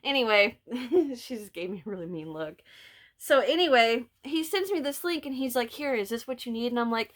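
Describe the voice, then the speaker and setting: A middle-aged woman with a Southern Illinois accent tells a story in a relaxed vlog chat and laughs often. Her voice is bright and a little high. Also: moderate pace. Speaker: vlog host, crocheter. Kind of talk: casual chat.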